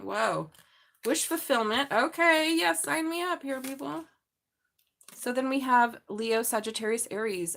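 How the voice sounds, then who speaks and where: A woman's voice: medium pitch, fairly bright tone. Chatty Southern woman reading tarot. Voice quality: mumbly. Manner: chatty and joking, laughs often, talks to the chat. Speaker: tarot reader hosting a live stream. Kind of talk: casual live tarot reading.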